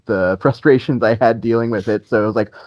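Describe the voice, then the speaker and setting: A man's voice: on the low side, steady tone, a little fast, a little mellow, dry recording. A man being interviewed as a band guitarist, talking in a loose, rambling way with lots of restarts, fillers and frequent laughs. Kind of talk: casual interview chat.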